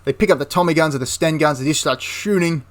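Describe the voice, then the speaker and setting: A man's voice: fairly high pitch, fast. A young man casually retelling a wartime history story, chatty and prone to correcting himself mid-sentence. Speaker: history channel host.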